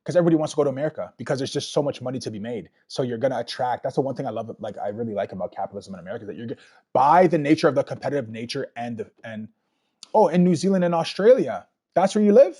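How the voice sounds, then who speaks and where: Man, streamer, casual gameplay commentary, rambling, husky voice, medium pitch. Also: lively intonation, rapid-fire, mellow. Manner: rambling, chatty with viewers. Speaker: let's play streamer.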